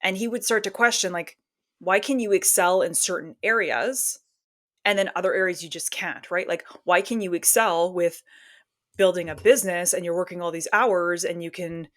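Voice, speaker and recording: A woman in her forties, a podcast guest, telling a personal story casually with quick laughs and acted-out bits of dialogue. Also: on the low side.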